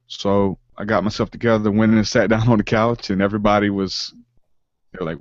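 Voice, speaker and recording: A man with a lowish voice tells a long personal story, earnest and halting, often restarting his sentences and leaning on fillers. The sound is dry and close, with a dull lo-fi call quality. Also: flat delivery, no echo. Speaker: podcast guest, rapper. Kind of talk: storytelling in casual interview.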